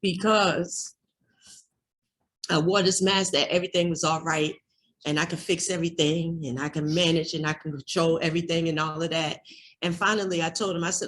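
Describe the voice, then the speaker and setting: A woman's voice: low-pitched, steady tone, normal speed, fairly bright tone. Lady sharing her story at a meeting, raw and candid, swears a lot, says things over and over. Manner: raw, candid, profane, repeats herself. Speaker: recovery workshop speaker. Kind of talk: emotional personal share.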